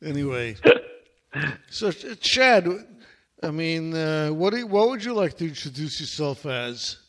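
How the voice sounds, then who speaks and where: A man's voice: fairly high pitch, sing-song, unhurried, fairly bright tone. A man hosting a talk show, playful in his banter with guests. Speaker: host. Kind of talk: casual chat on a talk show.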